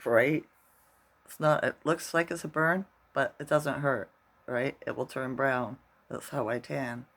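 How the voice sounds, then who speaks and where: Middle-aged man, gravelly voice, rambling casual vlog, keeps asking "right?". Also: mid-range voice, steady tone, a little slow, a bit bright. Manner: rambling storyteller, constantly tags "right?". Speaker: vlogger.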